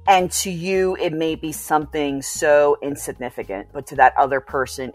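A woman's voice: sits low, unhurried, faint music behind. A woman on a podcast earnestly explaining respect for boundaries. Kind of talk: casual chat.

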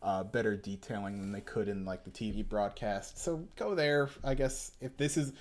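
A man's voice: fairly low pitch, moderate pace. A young man co-hosting a podcast in loose, casual chat. He rambles through his thoughts with lots of fillers and reads a manga aloud between comments. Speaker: podcast co-host.

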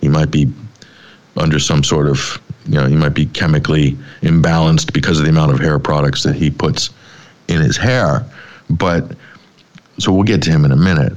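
Low-voiced middle-aged male host, sardonic and rambling, opinion commentary. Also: steady tone, normal speed, darkish tone, dull audio. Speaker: talk show host.

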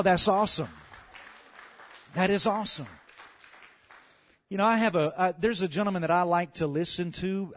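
Southern preacher, man, tenor range, animated sermon delivery. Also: high-pitched. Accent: Louisiana Southern US. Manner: animated, swells to loud calls of "come on" and "amen".

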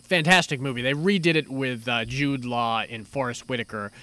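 A man's voice: medium pitch, normal speed, pushed and bright. A man co-hosting a casual chat, talking in an eager, opinionated way. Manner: enthusiastic, opinionated, loose. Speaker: podcast co-host.

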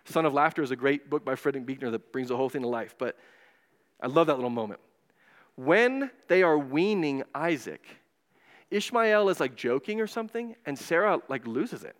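A man gives an animated, digressive sermon in a church and acts out the voices as he tells the story. His voice sits a little high, and a long hall reverb trails behind every line. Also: moderate pace. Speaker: pastor. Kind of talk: casual sermon retelling.

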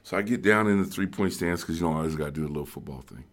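A middle-aged man telling a story as a guest in casual chat, excitable and halting, acting out voices and sounds. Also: sits low.

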